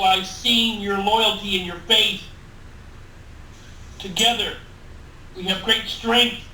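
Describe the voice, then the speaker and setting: A man's voice: sits high, sharp tone, heavily acted. A man voicing a remorseful, devoted male adventurer in a tabletop role-play, speaking earnestly and with passion. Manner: earnest, impassioned pleading in character. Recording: roomy, distant mic, faint hiss.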